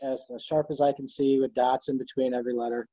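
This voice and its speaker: A guest on a podcast, this man speaks in a mellow, husky voice and takes his time with his stories. The sound is dull and lo-fi, and the room around him is dry. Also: mid-range voice, flat delivery, quick pace, no echo. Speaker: podcast guest, knife designer. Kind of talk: casual podcast chat.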